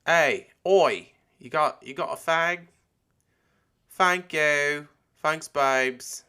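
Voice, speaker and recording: A man's voice: fairly high pitch, extremely slow, bright, forceful tone, smooth, voice pushed up, heavily acted. A man doing a playful impression of a cheeky young British woman he met at a bar, with a British accent. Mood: cheery. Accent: British (imitated).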